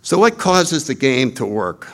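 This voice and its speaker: A man telling a humorous spiritual story, animated and acting out the voices of his characters. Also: mid-range voice, unhurried.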